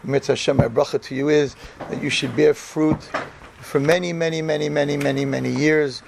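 Creaky-voiced rabbi telling lively stories. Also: male voice, on the high side, a little fast, background noise. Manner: animated, acts out quoted dialogue. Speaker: rabbi addressing yeshiva students. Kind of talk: humorous storytelling sermon. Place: room in front of an audience of students.

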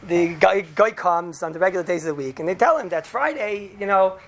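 A man giving an informal religious talk to a group, telling a rambling, animated story full of "right?" asides. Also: sits high, fairly quick. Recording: noisy background hiss.

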